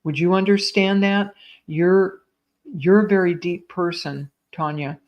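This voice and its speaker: Woman psychic medium, live online reading, soft reassuring tone, lowish voice, slightly muffled stream audio. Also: fairly even intonation, a little slow. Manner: gentle, reassuring, addresses viewers as sweetheart and my dear.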